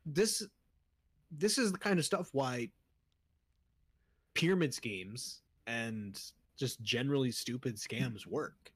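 A man's voice: mid-range voice, expressive, takes it slowly, long pauses, fairly bright tone, slightly rough, no echo. A young man co-hosting a casual podcast, rambling and trailing off mid-thought with frequent laughs. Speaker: podcast co-host.

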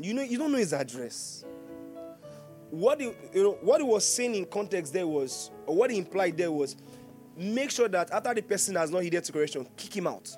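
A Nigerian man preaching with a fairly high voice, full of jokes and laughter. He keeps asking his congregation questions as he goes, over soft music in the background. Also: sing-song, fairly quick. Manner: humorous, laughing often, teasing the congregation. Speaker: pastor. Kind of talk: sermon.

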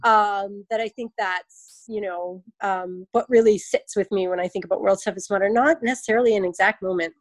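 Speaking a little fast in a medium pitch, this woman tells racing stories as a guest on a relaxed podcast interview. She's an obstacle racer in her thirties and a chatty storyteller who performs quotes in animated voices. The audio is dry and poor.

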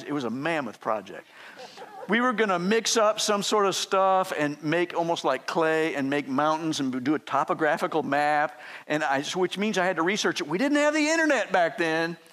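Male preacher, middle-aged, high-pitched, folksy and self-mocking, acts out quoted lines. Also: animated, normal speed, fairly bright tone. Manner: jokey, self-deprecating, acts out quoted voices. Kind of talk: sermon with humorous personal stories.

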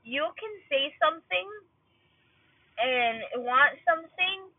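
A young woman with a fairly high voice vents bluntly and profanely, sounding fed up and exasperated. The sound is thin and phone-like, close and dry with no room around it. Her talk is a loose, casual vlog rant. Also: animated, slow, no echo. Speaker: hospital blood-draw worker.

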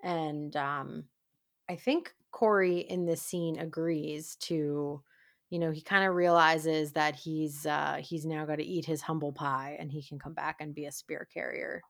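A woman co-hosting a podcast, casually recapping a TV episode in a chatty, relaxed way. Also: deep voice, a little slow, gravelly. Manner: chatty, relaxed, uses lots of "like". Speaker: podcast co-host.

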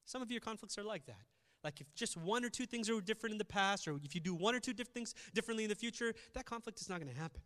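A male pastor giving a conversational sermon, shifting between loud emphasis and quiet reflective asides. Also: sits high, animated, fast, big-room sound.

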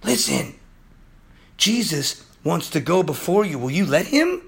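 A man preaching on his own program in an impassioned, pleading sermon, his voice going hoarse, with soft guitar music behind him. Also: sing-song, a little slow. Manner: impassioned, pleading, swings from loud to low and intense. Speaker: preacher hosting a religious program.

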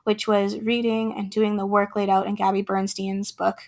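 A woman hosting her own podcast, talking earnestly with many fillers, her voice raspy from being sick. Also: mid-range voice, flat delivery, moderate pace, darkish tone. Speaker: podcast host. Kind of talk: casual podcast talk and poetry reading.

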